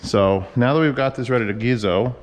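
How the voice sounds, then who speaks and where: A man's voice: mid-range voice, a little fast, big-room sound. A man cooking in his home kitchen, chatting in a rambling, casual way and swearing freely. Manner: rambling, profane, chatty asides. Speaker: home cook vlogger.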